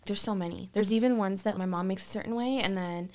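A young woman, a guest, telling a family story in casual conversation, acting out quotes with lively jumps in her voice. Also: fast talker. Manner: animated, acts out quotes with big pitch jumps.

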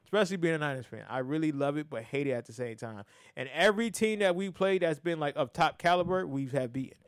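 A man hosting a podcast, talking sports casually, animated, swinging between loud and soft and often restarting his sentences. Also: fairly high pitch, quick pace, clear, resonant tone, no echo, studio quality. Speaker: podcast host.

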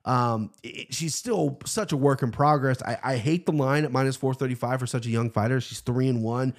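A man in his thirties hosting a casual sports betting podcast, loose and excitable, swearing freely. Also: medium pitch, moderate pace. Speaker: podcast host.

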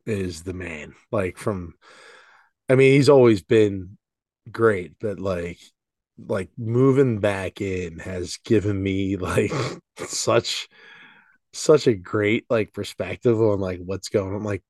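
A man's voice: sits low, slow pace, darkish tone, no room sound, studio quality. A man in his forties co-hosting a podcast, chatting casually and peppering his talk with "dude" and "like". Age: 40s. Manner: loose and slangy, peppered with "dude" and "like". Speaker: podcast co-host. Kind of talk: casual chat.

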